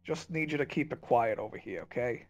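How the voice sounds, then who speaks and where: A man voicing a gruff male city guard in a tabletop game, with an accent mixing New York, Jersey and Cockney. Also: medium pitch, brisk, dull audio, natural voice. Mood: stern. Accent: mix of New York, Jersey and Cockney.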